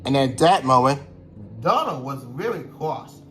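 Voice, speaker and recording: A man's voice: medium pitch, sing-song, unhurried, fairly bright tone. A man narrating a toy train story in a plain, rambling way with slips.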